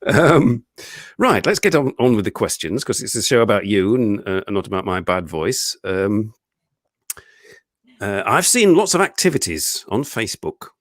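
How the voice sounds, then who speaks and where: A man's voice: fairly low pitch, sing-song, moderate pace, no room sound, studio quality. A man with a British English accent hosting a casual live-stream interview from his living room, chatty and rambling and often laughing. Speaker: show host.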